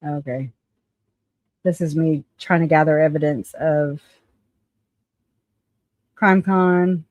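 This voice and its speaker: A live-stream host talks casually and profanely, laughing and thinking out loud while digging through notes. The voice sits at a middle pitch and sounds dry and close to the mic, with no room echo. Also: slow pace, dull audio.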